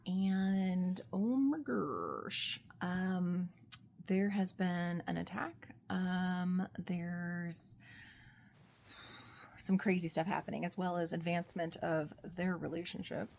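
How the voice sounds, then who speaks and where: Woman, book vlogger, casual and excitable, laughs and squeals, faint background hiss. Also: fairly low pitch, slow, gravelly. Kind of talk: casual book review vlog.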